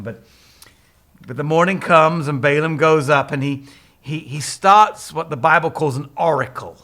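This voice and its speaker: A man retelling a Bible story in a casual, animated way, laughing often and breaking into character voices. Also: fairly high pitch, moderate pace.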